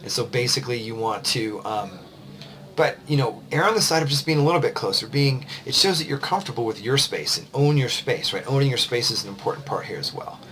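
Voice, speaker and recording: A man's voice: mid-range voice, expressive, a little fast, fairly bright tone. A man, a confidence coach, giving casual, rambling advice to the camera while a bit tired. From United States. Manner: conversational, loose, with fillers and restarts.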